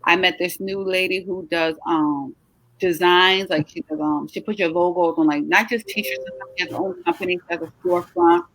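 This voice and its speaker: A woman's voice: fairly low pitch, fairly quick, a bit bright, no room sound. A middle-aged woman runs a casual live chat in a chatty, encouraging way, stretching words for emphasis. She sounds tired. Her voice is dry and close, with no room around it. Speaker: host, travel agency owner.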